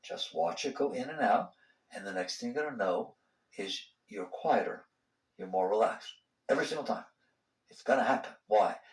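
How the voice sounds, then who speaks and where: A man giving a spiritual talk to an audience, conversational and animated, acting out the voices inside people's heads. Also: mid-range voice, moderate pace, far from the mic. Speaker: spiritual teacher. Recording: roomy hall sound, voice from off-mic.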